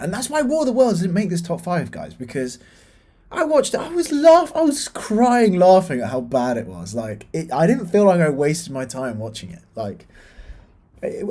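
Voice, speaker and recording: A man's voice: medium pitch, warm tone. Ranting British man reviewing films. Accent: British English. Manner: exasperated, ranting, frequent fillers and restarts. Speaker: film reviewer. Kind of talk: casual opinionated film review.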